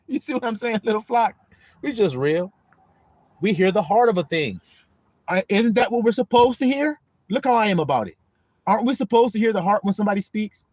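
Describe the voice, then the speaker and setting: A man's voice: high-pitched, lively intonation, moderate pace, pauses often, darkish tone, no echo. A man preaching on a livestream in a streetwise, profane style, mocking his listeners, laughing and firing rhetorical questions. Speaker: online preacher and livestream host.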